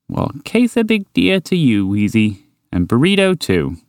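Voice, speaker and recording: A man voicing an enormous, eccentric male horse who talks in a polite, excitable way. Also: on the high side, normal speed, dry recording, clean studio sound, pitched above the performer's own voice. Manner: polite and dreamily enthusiastic.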